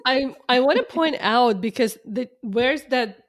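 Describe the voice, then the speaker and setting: A woman co-hosting a podcast, speaking in a lively, reflective way. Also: sits high, measured pace. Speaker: podcast co-host. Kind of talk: casual chat.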